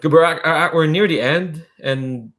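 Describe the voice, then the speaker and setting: A man's voice: on the high side, a little slow, fairly bright tone. A man narrating as a tabletop game master, rambling and filling with "kinda" and "like".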